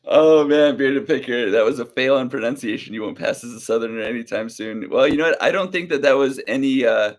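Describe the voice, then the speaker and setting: A young man hosting a casual livestream, talking slowly and easily with a slight drawl, rambling as he reads viewer comments aloud. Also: medium pitch, animated. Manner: slow, easygoing drawl. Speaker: livestream reseller host.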